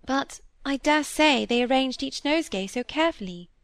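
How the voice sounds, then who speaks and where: Woman doing a shy, gentle young lady. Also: high-pitched, expressive, moderate pace, no room sound, studio quality, voice pushed up. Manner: soft, pleading.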